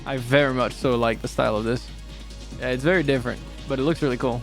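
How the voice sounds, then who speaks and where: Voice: medium pitch, steady tone, fast talker, soft background music. A streamer chatting casually while playing a game, rambling, correcting themselves and swearing offhand.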